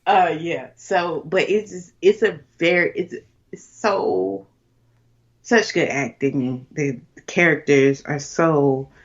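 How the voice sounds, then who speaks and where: A young woman co-hosting a podcast, chatty and animated, with lots of fillers. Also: low-pitched, slow, dull audio. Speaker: podcast co-host. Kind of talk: casual chat.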